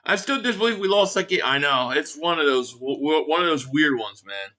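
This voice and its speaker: Man, sports reaction streamer, high pitched, bright and tense, heated profane ranting. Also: expressive, a little fast. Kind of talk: ranting live reaction, reading viewer chats.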